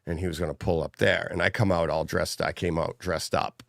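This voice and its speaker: A man's voice: deep voice, fairly even intonation, a little fast, creaky, no room sound, studio quality. A middle-aged man, a podcast guest, telling rambling family stories in casual chat and laughing as he goes. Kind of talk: casual storytelling.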